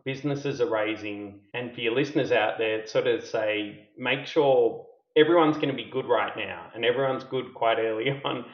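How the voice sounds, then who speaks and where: A man's voice: medium pitch, moderate pace, few pauses. A middle-aged man tells a self-deprecating personal story as a podcast guest, candid and laughing at himself. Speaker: company founder and CEO, podcast guest. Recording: roomy, slightly dull podcast audio.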